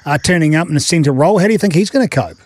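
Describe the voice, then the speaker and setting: A man's voice: fairly high pitch, expressive, racing, a little mellow, dry recording. A man hosting a radio sports show, asking conversational questions of his guest. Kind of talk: radio interview.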